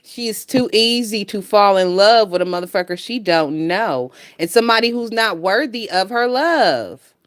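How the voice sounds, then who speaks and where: A woman's voice: medium pitch, animated, moderate pace, dry recording. A woman hosting a gossip channel, talking bluntly and with lots of swearing and laughter. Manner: blunt, profane, laughs often. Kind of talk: casual commentary.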